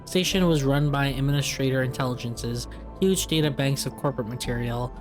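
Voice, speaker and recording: A man's voice: mid-range voice, a little fast, lightly acted. A man reading aloud the clipped, broken lines of a fugitive machine intelligence living in a vending machine, in his own everyday voice. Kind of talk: reading game dialogue aloud. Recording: game music playing behind. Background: game music.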